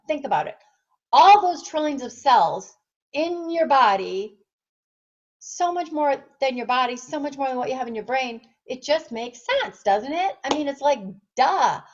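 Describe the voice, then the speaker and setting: A woman's voice: high-pitched, darkish tone, lo-fi sound. A woman who works as a fitness trainer and nutrition coach, giving a passionate motivational talk and putting rhetorical questions to her listeners. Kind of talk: direct-to-camera motivational talk.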